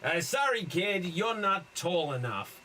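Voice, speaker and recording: Give me a man playing a shrill, excited boy, loud and rushed. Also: a little hiss or hum, full character voice, poor audio. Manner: rushed, shouty, cartoonish. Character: excitable boy in a fast silly movie skit.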